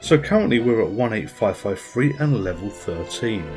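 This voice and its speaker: A man's voice: lowish voice, animated, moderate pace, darkish tone, faint music behind. A man giving casual, chatty commentary as he plays a game at his PC, thinking aloud with little asides. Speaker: gaming channel host.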